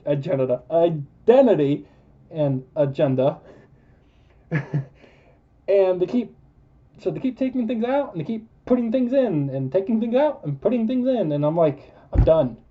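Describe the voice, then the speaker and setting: A man ranting in a film review vlog, emphatic and repetitive, losing his voice. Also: fairly high pitch. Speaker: movie reviewer. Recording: dull lo-fi recording.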